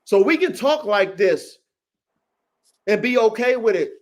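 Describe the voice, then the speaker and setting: Brash high-voiced man ranting on a podcast. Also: lively intonation, measured pace. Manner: profane, boastful, emphatic, addresses listeners by name. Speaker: podcast host and dog breeder. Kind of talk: casual livestream podcast rant.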